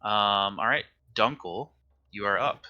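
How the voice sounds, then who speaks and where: A man's voice: fairly low pitch, unhurried, bright, forceful tone, muffled recording. A man running a tabletop game as dungeon master, explaining rules patiently with lots of "um" and "like".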